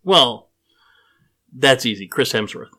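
A man's voice: medium pitch, animated, slow pace, pushed and bright. Brief: male podcast host, jokey and teasing, mid-range voice, casual reads. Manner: playful, jokey, reads listener answers aloud.

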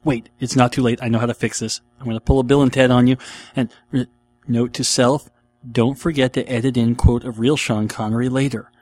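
A man's voice: medium pitch, steady tone, fairly quick, a little mellow. A man hosting a podcast, answering listener questions in an enthusiastic, rambling casual chat. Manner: enthusiastic, rambling, laughs often.

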